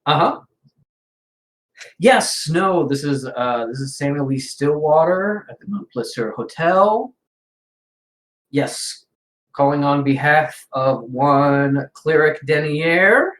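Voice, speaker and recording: Woman doing a halting, formal hotel clerk. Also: low-pitched, lively intonation, reverberant, a little hiss or hum, poor audio. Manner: formal, halting, full of ums.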